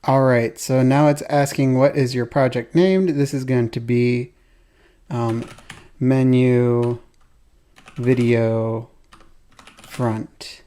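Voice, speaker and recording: A man's voice: mid-range voice, fairly even intonation, slow, long pauses, mellow. A man hosting a code-along programming tutorial, thinking aloud as he types, with keyboard typing behind him.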